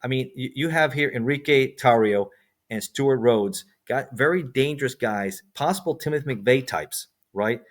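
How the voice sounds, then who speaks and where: A man speaks in loose, conversational bursts about politics, often stammering and restarting his sentences. His voice sits at an ordinary middle pitch. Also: normal speed. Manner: repeats words, stumbles and restarts. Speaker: guest. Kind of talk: casual political chat.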